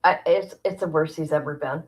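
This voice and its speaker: A woman's voice: sits low, fairly quick, rough recording. A woman streamer chatting casually to her viewers, blunt and profane, often laughing as she vents. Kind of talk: casual livestream chat.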